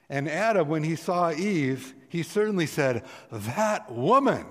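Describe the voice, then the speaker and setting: A middle-aged male pastor preaching in a church sanctuary. His voice sits at an ordinary male pitch, and a long reverb trails each phrase. He delivers the sermon earnestly, leaning hard into the words he wants to land. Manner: earnest, swells with emphasis on key words. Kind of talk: sermon with scripture reading.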